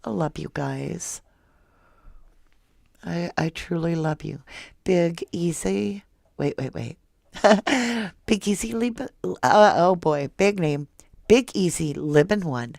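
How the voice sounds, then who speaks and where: A woman's voice: on the low side, lively intonation, slow pace, gravelly, a little mellow, dry recording, clean studio sound. A woman hosting a live true crime stream, chatting casually and emotionally with viewers and reading their comments aloud. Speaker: true crime livestream host. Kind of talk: casual livestream chat with viewers.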